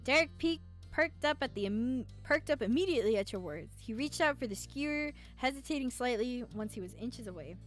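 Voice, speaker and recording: A woman's voice: on the high side, lively intonation, fairly quick, few pauses. A woman streamer reading a visual novel aloud, playful and giggly, talking back to the characters. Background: faint game music.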